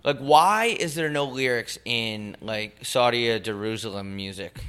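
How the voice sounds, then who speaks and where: A young man co-hosting a podcast, chatting casually with rambling, crude, deadpan humor. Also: medium pitch, measured pace, smooth. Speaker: podcast co-host. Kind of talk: casual chat.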